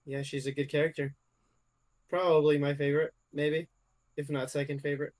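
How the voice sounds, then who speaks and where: A laid-back male podcast cohost mostly answers in short bits of agreement. His voice sits a little high and stays flat, with almost no rise or fall. The sound is dry and close. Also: a little fast, no room sound. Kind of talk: casual review chat.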